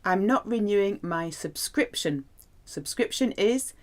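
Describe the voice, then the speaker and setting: A woman teaching French in a lively, playful way. Her pitch swoops up and down a lot, and it sits a bit low for a woman. She slows right down to drill each word. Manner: lively, playful explaining with slow drilled repetitions. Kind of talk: language lesson.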